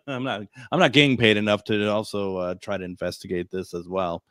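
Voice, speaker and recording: A man's voice: fairly low pitch, steady tone, a little fast, fairly bright tone, no echo, clean studio sound. Chatty man hosting a radio show. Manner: chatty, laughs often, restarts. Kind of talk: casual radio chat.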